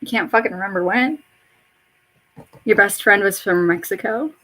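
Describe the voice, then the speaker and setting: A woman in her mid-twenties chatting casually while getting ready in her bedroom, rambling and swearing, with sudden high excited jumps in pitch. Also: normal speed. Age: mid-20s. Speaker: vlogger. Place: bedroom at home.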